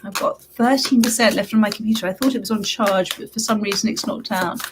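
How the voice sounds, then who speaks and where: Woman w a croaky voice doing live tarot readings, soft and gentle, calls everyone darling. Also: mid-range voice, brisk, background noise. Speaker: tarot reader hosting a live stream. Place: at home, reading from a computer late at night.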